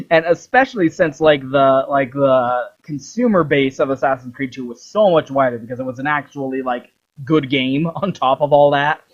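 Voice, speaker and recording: A man's voice: medium pitch, moderate pace, lo-fi sound. A young man hosting a rambling video about games. He swears freely and acts out the lines he quotes. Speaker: video host. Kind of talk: rambling game commentary.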